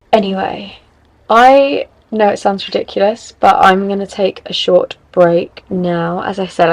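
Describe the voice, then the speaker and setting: A woman's voice: mid-range voice, vocal fry, dry recording, poor audio. A tired young woman hosting a podcast, giving frank, rambling advice in casual chat. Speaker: podcast host.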